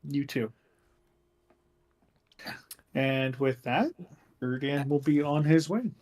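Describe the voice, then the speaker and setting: A man playing a tabletop game, speaking his character's farewells in a solemn, measured way. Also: mid-range voice, a little mellow. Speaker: player. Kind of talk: in-character tabletop role-play.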